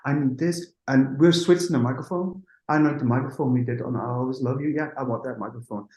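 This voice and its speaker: A man, a music producer, telling an animated anecdote in an interview and acting out the dialogue with quick asides. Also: mid-range voice, roomy sound, poor audio.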